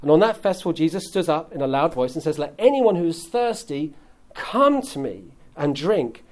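A man's voice: fairly high pitch, sing-song, moderate pace, a little mellow. A man preaching a sermon as a pastor, earnest and building emphasis on key phrases.

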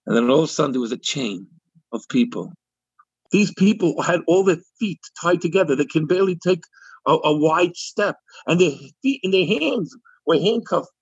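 Male rabbi host, emphatic storyteller, gravelly husky voice, dry dull audio. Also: fairly high pitch, dry recording. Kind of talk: monologue commentary with anecdote.

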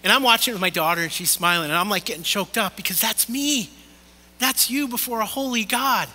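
Man, pastor, sermon, high voice, very bright, earnest and pleading. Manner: earnest, pleading, drops soft and slow for emphasis. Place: church hall, also streamed online. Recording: long hall reverb.

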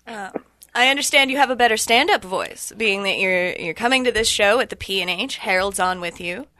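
A woman's voice: medium pitch, animated, moderate pace, pushed and bright, no echo. A woman guest-hosting a comedy podcast in casual chat, playful and giggly. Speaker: guest host.

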